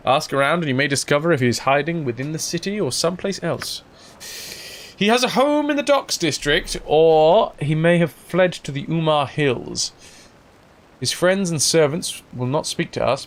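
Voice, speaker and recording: A man voicing a stern, demanding hooded male wizard in a video game, speaking formally in a raised, lively voice. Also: fairly high pitch, moderate pace. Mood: commanding.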